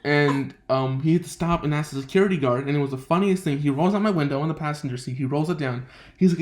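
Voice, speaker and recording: A young man hosting a casual podcast chat, telling a story with lots of laughter and lively quoted voices. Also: fairly high pitch, quick pace. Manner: laughing often, animated quoting of others. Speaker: podcast host.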